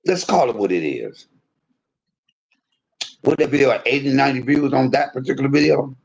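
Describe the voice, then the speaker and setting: A man hosting a livestream, venting in an aggrieved rant that swings between loud outbursts and low muttering. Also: expressive, normal speed, vocal fry, breathy edge. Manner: swears freely, talks straight to viewers. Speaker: livestream host.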